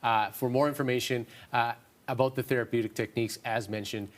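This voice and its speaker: A man's voice: medium pitch, steady tone, a little fast. A man hosting a morning news interview in an upbeat, encouraging manner.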